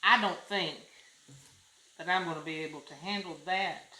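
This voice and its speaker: A woman's voice: on the low side, normal speed. A woman with a Southern US accent hosting a casual home cooking demonstration, chatty and folksy, exclaiming over the food. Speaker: cooking show host. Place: home kitchen. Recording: roomy kitchen with loud frying noise. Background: sizzling pan and utensil clicks.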